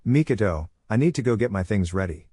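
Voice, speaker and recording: A man voicing a tired young male ninja who answers quietly and evasively. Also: lowish voice, animated, brisk, husky, no room sound, clean studio sound. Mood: weary.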